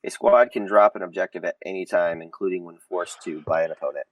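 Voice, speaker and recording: A man's voice: deep voice, fast talker, poor audio. A man hosting a casual podcast chat while he has a cold. He reads out rules questions and answers with dry, sarcastic humor. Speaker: podcast host.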